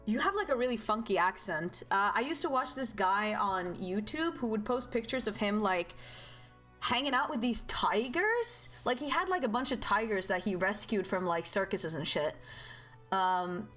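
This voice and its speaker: A young woman streaming a game, chatting casually and animatedly with viewers, with loud outbursts and swearing. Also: medium pitch, lively intonation, moderate pace, faint music behind. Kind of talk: casual live-stream chat.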